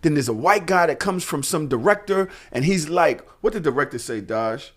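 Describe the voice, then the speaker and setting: A podcast host telling a story in casual chat. He is a man with a somewhat high voice that swoops up and down a lot, and he acts out other people's words and swears freely as he goes. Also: animated, brisk.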